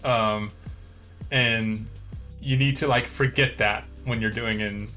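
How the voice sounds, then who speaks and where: A man's voice: on the low side, steady tone, slow pace, bright, forceful tone, soft background music. An American man co-hosting a podcast, talking casually and rambling with lots of fillers. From United States. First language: English. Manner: rambling, lots of likes and you-knows. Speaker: podcast co-host. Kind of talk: casual chat.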